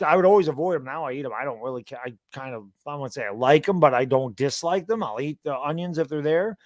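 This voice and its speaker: A man's voice: medium pitch, no echo, studio quality. A man in his thirties, co-hosting a sports talk stream, tired and yawning, chatting in a loose, rambling way. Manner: rambling, relaxed storytelling. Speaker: co-host. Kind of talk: casual chat.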